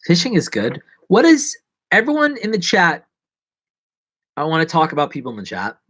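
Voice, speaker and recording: A man's voice: huge pitch swings, moderate pace, fairly bright tone. A man chatting casually and rambling playfully on a solo livestream. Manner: rambling, playful, drops to whispers and jumps to squeaky voices. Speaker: livestreaming vlogger.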